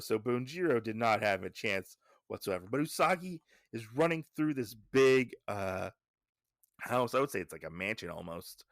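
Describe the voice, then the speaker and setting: This podcast host has a medium-pitched, slightly bright voice, captured dry with studio quality. He recaps a comic casually and ramblingly, restarting a lot and saying "you know," and his voice lifts whenever he paraphrases what characters say.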